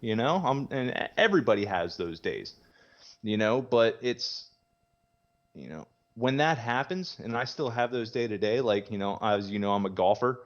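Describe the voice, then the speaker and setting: A man's voice: mid-range voice, lively intonation, normal speed, lo-fi sound. A man guest talking candidly in casual conversation, rambling with many fillers, swearing casually and laughing easily. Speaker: podcast guest sharing his recovery story.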